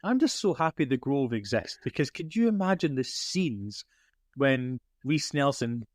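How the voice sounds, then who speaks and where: An excitable man chatting on a fan podcast, gushing and tripping over his words as he rushes on. His voice sits at an ordinary middle pitch. The sound is dry and close to the mic. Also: dry recording. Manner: excitable, gushing, rambling with restarts. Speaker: podcast host. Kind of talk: casual fan podcast chat.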